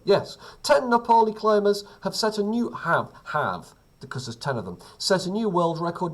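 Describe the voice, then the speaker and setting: Husky man reading a chatty quiz. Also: on the high side. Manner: chatty, self-deprecating, rambling asides. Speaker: quiz host. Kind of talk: casual quiz reading with asides.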